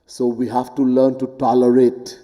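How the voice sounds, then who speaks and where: In a temple hall with long reverb, a man acting as a spiritual teacher delivers a devotional lecture and chants Sanskrit verses. His delivery is deliberate and completely flat, yet it swings between high, emphatic lines and quieter ones.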